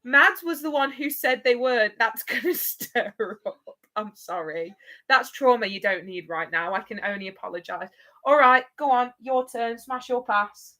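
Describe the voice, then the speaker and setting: A woman's voice: fairly high pitch, normal speed, pushed and bright. A woman hosting a live watch-along, chatting playfully with viewers and laughing often. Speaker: livestream host.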